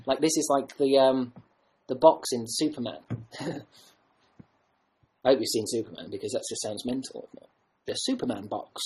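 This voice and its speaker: Husky-voiced man rambling on a livestream. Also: medium pitch, a little slow, pauses often, a little mellow, poor audio. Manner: joking, rambling, self-mocking. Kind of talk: rambling casual livestream chat.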